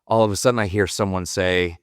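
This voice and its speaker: A man's voice: deep voice, steady tone, a little fast, clean tone, no room sound, studio quality. A man and podcast guest, a Marine veteran, telling stories in a casual way. He swears often and rambles, with many "like" fillers. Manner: profane, rambling, full of "like" fillers. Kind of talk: casual storytelling.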